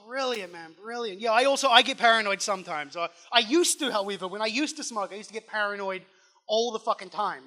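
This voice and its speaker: A young man with a New Zealand accent works a comedy club crowd from the stage, holding the mic. His voice is bright and sharp. He delivers in loud, punchy bursts and swears freely. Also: high voice. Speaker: stand-up comedian. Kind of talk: live stand-up set. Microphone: handheld stage mic.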